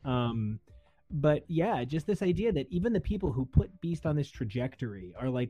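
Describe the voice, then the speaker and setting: A man's voice: mid-range voice, big pitch swings, normal speed, warm tone, lo-fi sound, faint music behind. A man co-hosting a casual comics discussion, joking and playful. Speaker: co-host.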